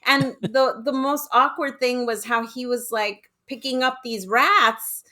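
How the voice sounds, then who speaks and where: A woman's voice: a little high, measured pace, pushed and bright. A woman who is a podcast guest, chatting casually about a film with lots of fillers.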